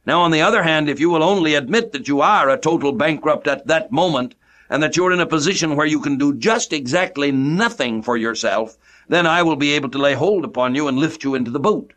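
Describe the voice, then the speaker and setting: A middle-aged man from the United States preaching a radio sermon with a formal, measured cadence. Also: on the high side, a bit bright.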